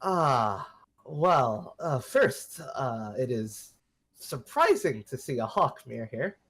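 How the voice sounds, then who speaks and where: A man's voice: mid-range voice, sing-song, takes it slowly, fairly bright tone, exaggerated voice. A man voicing a pompous male merchant board member in a tabletop game. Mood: smug.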